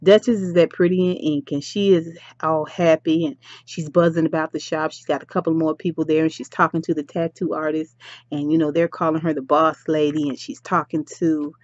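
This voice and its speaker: A woman's voice: deep voice, level tone, brisk, a little mellow, dry recording. Sassy woman recapping a reality show. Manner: chatty, sassy, storytelling asides to listeners. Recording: dry, slightly dull lo-fi sound.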